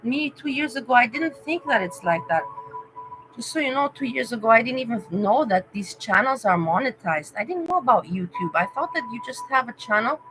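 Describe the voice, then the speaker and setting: Woman streamer, unscripted and emotional, talks straight to her chat in a bright, pushing voice. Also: fairly high pitch, animated, brisk, soft background music, poor audio. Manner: rambling and emotional, thanking and addressing chatters by name. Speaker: vlogger chatting with live viewers. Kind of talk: casual livestream chat.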